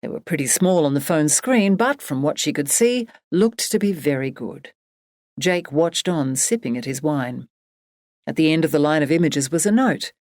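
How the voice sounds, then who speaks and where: In a measured yet expressive reading, a low-pitched woman narrates a scripted audiobook, captured in a dry recording with clean studio sound.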